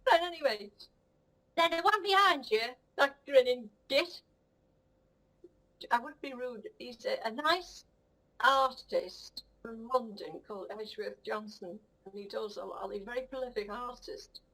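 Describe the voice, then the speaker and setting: A woman's voice: fairly high pitch, animated, unhurried, fairly bright tone, exaggerated voice, poor audio. A woman voicing a vain, cheeky female cat who rambles rudely and admires herself. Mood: cocky rambling. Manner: rambling, rude, self-admiring, giggly. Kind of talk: comic puppet-style monologue.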